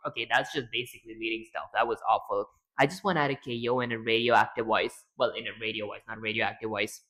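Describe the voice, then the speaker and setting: A male streamer talks in a loose, rambling way, often mocking his own attempts. He keeps clearing his throat between thoughts. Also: fairly low pitch, fairly even intonation, quick pace, few pauses, pushed and bright. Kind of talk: casual livestream chat.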